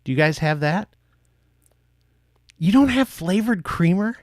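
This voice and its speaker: A man's voice: high-pitched, lively intonation, measured pace, dry recording, clean studio sound. A man from the United States hosting a podcast, chatting in a playful, rambling way. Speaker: podcast host. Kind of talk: casual chat.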